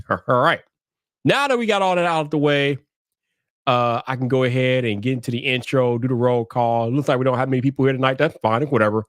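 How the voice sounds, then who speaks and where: A man with a notably high-pitched voice hosts a relaxed tech livestream, talking in a loose, slangy, hype-man way. His voice comes across dry and close, with no room sound around it. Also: brisk, dry recording. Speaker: livestream host. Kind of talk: casual tech livestream chat. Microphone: streaming setup mic.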